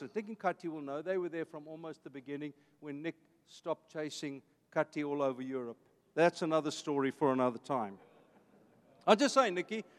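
A man's voice: high-pitched, long reverb tail. A man in his fifties from South Africa with an Afrikaans accent, a pastor talking emphatically to his church. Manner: emphatic, preacherly, with repeated phrases. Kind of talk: talk to a church audience.

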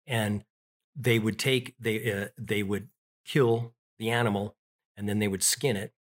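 A man's voice: on the low side, steady tone, a little slow. A middle-aged man telling childhood stories in an interview, rambling with restarts and fillers. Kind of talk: casual storytelling.

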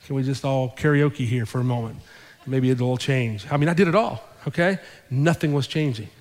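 A male pastor telling a story in his sermon, conversational and animated, repeating his phrases for effect. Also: mid-range voice, moderate pace, in a large hall. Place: church sanctuary.

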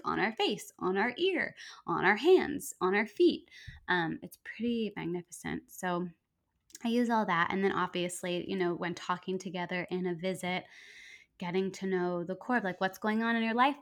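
A woman's voice: fairly low pitch, fairly bright tone. A woman acupuncturist, a guest in a podcast interview, giving enthusiastic, rambling explanations with many fillers.

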